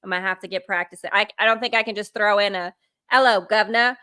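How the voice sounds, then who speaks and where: A woman's voice: medium pitch, steady tone, fast, pushed and bright, clean tone. A woman from the United States co-hosting a podcast in casual chat, eager and bubbly, stumbling over her words. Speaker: guest co-host.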